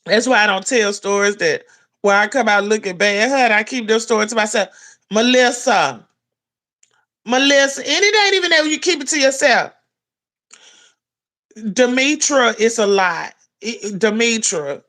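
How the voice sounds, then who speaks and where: Blunt, bright-voiced woman ranting. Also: fairly high pitch, animated, normal speed, pauses often. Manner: blunt, profane, scolding. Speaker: commentary vlogger. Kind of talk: heated commentary rant.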